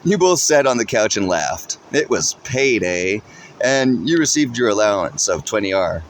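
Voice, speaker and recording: A man narrating a second-person story in a steady, plain reading voice. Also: lowish voice, moderate pace, a little hiss or hum.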